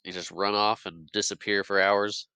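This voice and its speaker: A man with a low, bright voice joins a casual movie chat, tossing in quick jokes and frequent chuckles. The sound is close and dry. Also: level tone, clear, resonant tone, no room sound. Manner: chuckles a lot, chimes in with short agreements and jokes. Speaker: podcast co-host.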